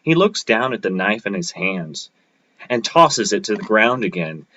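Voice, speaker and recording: Low, bright-toned man reading fiction aloud. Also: sing-song, a little slow. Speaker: open mic poet. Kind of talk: reading his own short fiction aloud. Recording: dull lo-fi livestream audio.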